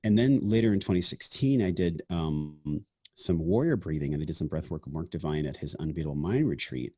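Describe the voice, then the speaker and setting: Fairly quick and dark-toned, this man's bass voice carries a breathy edge as he hosts his podcast. He comes from half Sicilian family heritage and chats in a casual, earnest, reflective way, often dropping "man" and "like".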